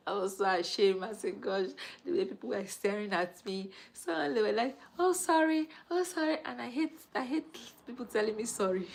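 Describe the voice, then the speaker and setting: A woman's voice: medium pitch, poor audio. A Nigerian woman, a mother in her thirties, chatting casually on a live stream, greeting viewers and laughing often.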